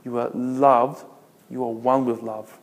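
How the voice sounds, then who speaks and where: A man's voice: medium pitch, little pitch movement, slow, gravelly. A man preaching a sermon emphatically, repeating phrases and asking rhetorical questions. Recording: long reverb of a large hall.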